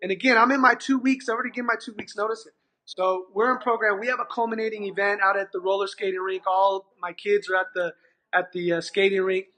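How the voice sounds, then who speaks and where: A man's voice: sits high, fast talker. A middle-aged man, an after-school program manager, telling a story as a guest and acting out the dialogue in it, with lots of restarts. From California, USA. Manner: animated, acts out quoted dialogue, many restarts. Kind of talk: storytelling in conversation.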